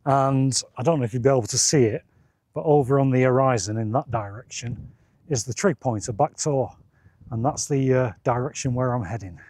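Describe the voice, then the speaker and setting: A man's voice: medium pitch, a little mellow. Breathless man hiking outdoors. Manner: chatty and easygoing, chuckles between remarks. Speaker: wild camping vlogger. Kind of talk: casual talk to camera while hiking. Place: open windy moorland hilltop outdoors.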